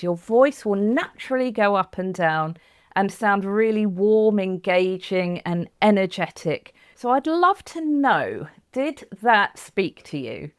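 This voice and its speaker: A woman's voice: medium pitch, clean tone, no echo, clean studio sound. A woman voice coach talking a listener through a breathing and posture routine, guiding step by step in an encouraging way. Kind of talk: instructional talk to camera.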